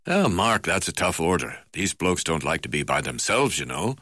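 A man's voice: sits low, big pitch swings, moderate pace, bright, forceful tone, no echo, full character voice. A man reading an audiobook voices a crusty, hard-drinking older male magistrate with coarse, blustering talk. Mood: gruff. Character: crusty old male colonial magistrate, boozy and gruff.

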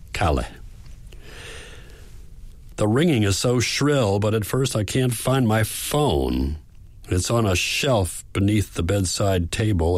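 A man reading a first-person audiobook in a measured, reflective way. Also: low-pitched, dry recording. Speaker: audiobook narrator.

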